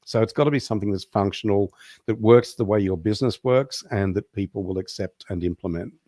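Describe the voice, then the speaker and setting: Low-voiced man explaining business systems. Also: a little fast, warm tone, no room sound, clean studio sound. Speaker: guest. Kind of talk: casual online show interview.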